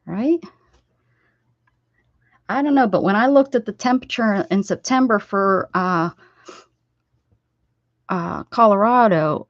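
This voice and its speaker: A woman hosting a casual craft livestream, rambling and chatting warmly with viewers as she sews. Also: medium pitch, slow, long pauses, no echo. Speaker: livestream host. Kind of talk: casual livestream chat while sewing. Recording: dull, dry lo-fi sound.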